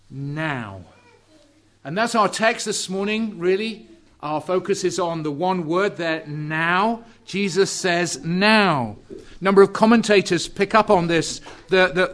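A man preaching a sermon, slow and deliberate, drawing out key words and dropping to a hush for emphasis. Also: high voice. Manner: drops to hushed, quiet emphasis on key words.

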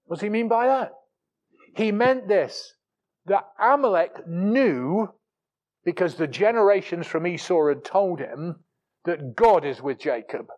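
Male preacher, higher-toned, emphatic sermon delivery with repeated words. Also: animated, unhurried. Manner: emphatic preaching, rising to forceful peaks and dropping low for asides; repeats words and restarts phrases.

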